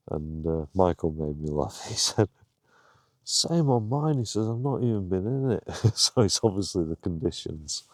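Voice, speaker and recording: A man's voice: low voice, creaky, a little mellow, no echo, clean studio sound. A man, talking casually to camera while wild camping on a hill, chatty and rambling with lots of fillers. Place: outdoors on a hill, later inside a tent.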